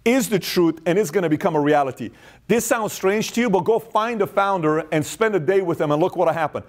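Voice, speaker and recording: Man host, fast-paced motivational talk, emphatic, mimics inner voices. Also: sits high, a little mellow.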